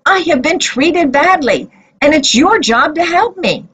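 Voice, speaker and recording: A woman's voice: animated, slow, a bit bright, full character voice. A woman voicing a poor widow who keeps pleading with a judge for justice, in a storybook lesson. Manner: high insistent pleading.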